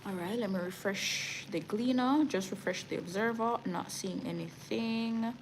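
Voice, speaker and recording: A woman's voice: mid-range voice, unhurried, slight background noise, rough recording. Jamaican woman chatting on a livestream. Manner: chatty, slipping into patois. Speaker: livestream news host. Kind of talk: casual livestream chat.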